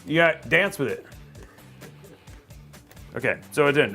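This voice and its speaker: A chatty, upbeat man hosts a live stream from a studio. He talks loosely and cheerfully in a fairly high voice and rambles as he goes. Soft music sits faintly behind him. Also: expressive, moderate pace. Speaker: livestream host building a PC. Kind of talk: casual live-stream chat.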